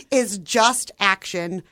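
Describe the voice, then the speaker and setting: A woman's voice: medium pitch, bright, forceful tone, dry recording, studio quality. Earnest woman radio guest. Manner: earnest, enthusiastic, solutions-minded. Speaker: guest, housing nonprofit leader. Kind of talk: casual radio interview. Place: radio studio.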